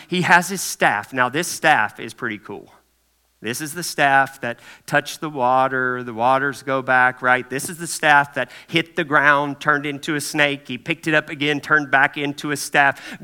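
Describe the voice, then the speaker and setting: A man preaching a sermon in an animated, folksy way, often checking in with the congregation. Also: mid-range voice, a little slow. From Kentucky. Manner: animated, folksy, asks the room "right?" often. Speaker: pastor.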